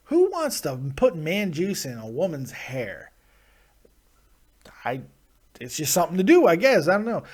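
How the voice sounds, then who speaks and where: A man hosting a casual live-stream show, ranting with profanity and sarcasm while reading viewer chat. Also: on the high side. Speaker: host.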